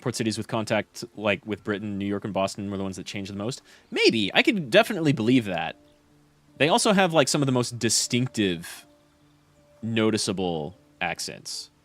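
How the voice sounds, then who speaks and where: Young male streamer, casual rambling chat, lowish voice, faint music behind. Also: expressive, a little fast. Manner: rambling, with lots of fillers and restarts.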